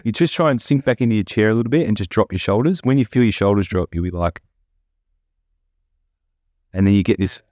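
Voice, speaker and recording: A man hosting a podcast, rambling and swearing freely in a casual chat while high on edibles. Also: expressive, fairly quick, long pauses, darkish tone, no room sound, clean studio sound. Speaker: podcast host.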